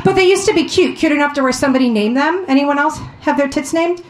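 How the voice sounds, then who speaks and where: A woman in her thirties from Ohio doing a profane, animated stand-up comedy set. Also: high voice, fast, roomy sound, slight background noise. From Ohio, USA.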